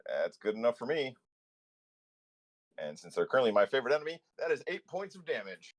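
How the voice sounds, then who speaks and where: A man's voice: mid-range voice, sing-song, brisk. A man playing a tabletop game, calling out rolls and damage in a matter-of-fact way. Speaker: player. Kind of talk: casual tabletop game play.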